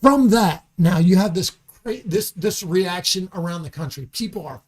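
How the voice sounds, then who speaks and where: A man with a high-pitched voice speaks at normal speed as a guest in a podcast studio. He's in an angry, profane rant, repeating words and often restarting his sentences during a casual podcast conversation.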